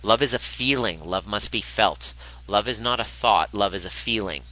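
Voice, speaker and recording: Hosting a laid-back livestream about self-love and healing, this man talks frankly and with emphasis, cursing openly and hammering points through repetition. His voice is on the low side with a sharp tone at a normal pace, and the audio is poor.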